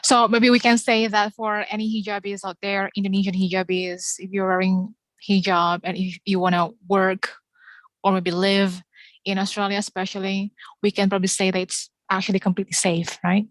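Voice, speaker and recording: Woman, online session moderator, video call, dry sound, mid pitch. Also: little pitch movement, moderate pace, no echo, poor audio. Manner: frequent short backchannels.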